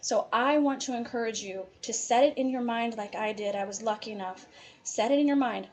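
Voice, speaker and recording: A woman's voice: fairly high pitch, a little fast, darkish tone. A woman from Appalachia with an Appalachian accent, giving chatty, encouraging advice to students in a presentation. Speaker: college advisor.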